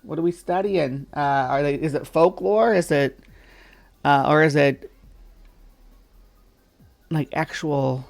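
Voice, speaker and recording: A man hosting a stream, making casual, joking asides while pausing a video, often trailing off into quiet mumbles. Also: on the high side, vocal fry, faint music behind. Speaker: host reacting to a video. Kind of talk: casual commentary.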